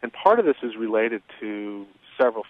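A man explains at length in a measured, methodical way, pausing on fillers as he builds each point. His voice comes through a narrow, phone-like band with no room sound. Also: on the low side, very animated, dry recording. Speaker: guest expert on childhood trauma. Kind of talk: interview explanation. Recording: tinny phone-line sound.

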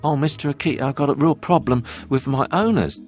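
A man's voice: a little high, a little fast, a little mellow, pitched above the performer's own voice, natural voice. A man doing a whiny anxious puppy. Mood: fretful. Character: anxious young male puppy complaining to a neighbor dog.

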